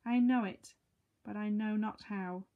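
A woman voicing a humbled old miser, reading him slowly and gravely. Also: mid-range voice, fairly even intonation, narrow, tinny audio, natural voice.

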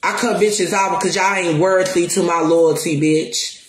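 A woman's voice: on the low side, fairly even intonation, moderate pace. A woman ranting straight to the camera as a spiritual counselor, profane and defiant, pressing her points again and again. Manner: profane, defiant, repeats and stresses her words. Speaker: spiritual counselor and music promoter. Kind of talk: confrontational rant to the camera. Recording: roomy echo.

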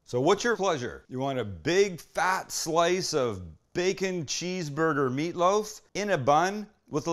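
A man's voice: a little high, clear, resonant tone. Older man hosting a casual cooking show. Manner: enthusiastic, talks to viewers while cooking. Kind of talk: casual cooking demo chat.

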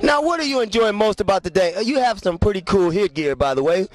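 A man working as a roving TV host, teasing people in quick vox-pop interviews. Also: sits high, animated. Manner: joking, teasing.

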